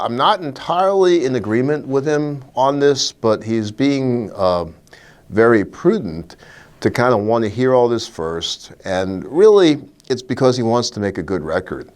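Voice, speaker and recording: A man with a low voice gives solo legal commentary. He talks in a wry, animated way, dropping in short laughs and fillers as he picks apart the news. He sounds middle-aged.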